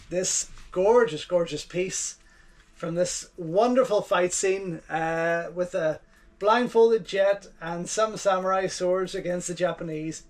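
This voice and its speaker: A man, hosting his channel and gushing his way through a casual unboxing commentary, repeating his words of praise. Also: sits high. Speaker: channel host reviewing home video releases.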